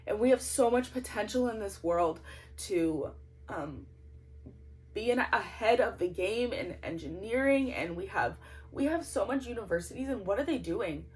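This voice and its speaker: A Canadian political vlogger in her thirties rants indignantly straight into her camera, her expressive, medium-pitched, darkish voice swinging sharply up and down at normal speed. It's an emotional monologue recorded in a cramped closet at home on the camera's built-in mic, with no proper microphone.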